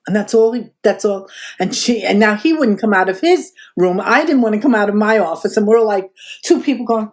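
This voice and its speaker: A woman's voice: medium pitch, a little fast. Older american woman telling a story, does all the voices in her quotes. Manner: animated storyteller who acts out quoted dialogue. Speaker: guest. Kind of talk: interview storytelling.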